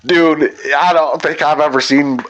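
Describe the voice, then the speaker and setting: A man's voice: on the high side, steady tone, a little slow, fairly bright tone. A man hosting a podcast, telling a hunting-dog story in casual, profane, rambling chat. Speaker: podcast host. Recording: dull lo-fi audio.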